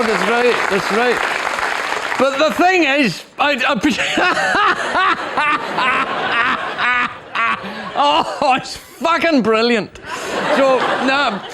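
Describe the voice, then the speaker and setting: An Australian man doing a put-on Scottish accent as a crude, rowdy stand-up comic who swears and cackles through a rambling story. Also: very high voice. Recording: studio stage with band and crowd noise.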